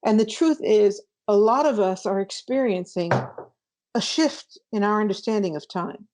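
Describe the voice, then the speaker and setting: A woman guest author being interviewed, telling a vivid personal story in an animated way. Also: mid-range voice, normal speed, background noise.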